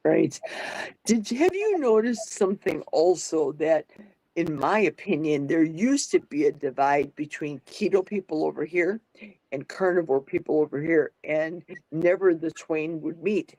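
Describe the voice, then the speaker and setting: A woman's voice: deep voice, animated, unhurried, warm tone, dry recording, rough recording. An older woman hosting a casual live chat, thinking aloud and reading out viewer comments. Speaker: livestream host.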